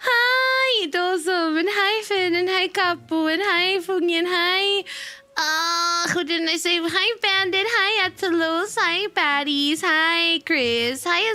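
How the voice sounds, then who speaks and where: A woman streamer chatting casually with her viewers, giddy and hyper, laughing often between unhurried sentences into a desk mic. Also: very high-pitched, sharp tone. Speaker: VTuber streamer. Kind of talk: casual livestream chat. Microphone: desk microphone.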